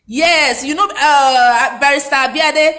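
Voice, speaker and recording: A woman's voice: high voice, slow pace, pushed and bright, a little hiss or hum. A woman giving a motivational talk, speaking emphatically and repeating her key points. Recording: roomy echo.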